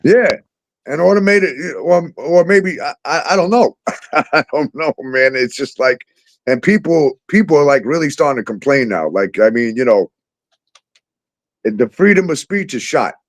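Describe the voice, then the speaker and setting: A man hosting a casual talk show, animated and profane, laughing often and acting out exchanges as he tells stories. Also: a little high, a little slow. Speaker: show host. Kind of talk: casual podcast chat.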